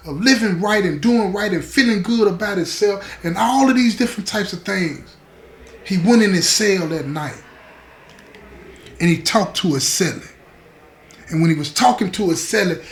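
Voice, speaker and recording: A man telling a story to his viewers in a streetwise, earnest way, speaking to them directly as "y'all" from inside prison. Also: roomy sound. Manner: drops softer and lower as the story turns grave. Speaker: storyteller host.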